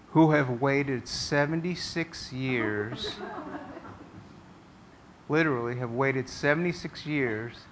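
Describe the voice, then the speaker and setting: A man's voice: mid-range voice, fairly bright tone, a little hiss or hum. A man preaching a sermon as pastor, earnest and conversational, often restarting his phrases.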